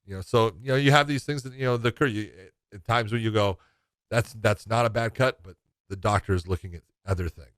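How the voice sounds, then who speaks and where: A man with a fairly low voice tells a story on his podcast, acting out the lines of the people in it. The sound is close and dry. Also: a little fast, dry recording. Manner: lively storyteller who acts out quoted dialogue. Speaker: podcast co-host. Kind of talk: casual chat, telling stories.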